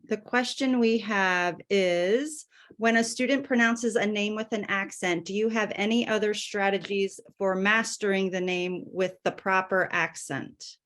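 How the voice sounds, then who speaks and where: A woman hosts an online webinar over a video call. She talks casually and fills her pauses with ums. Her pitch sits in the middle range. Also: steady tone, fairly bright tone. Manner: casual, many fillers. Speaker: webinar moderator.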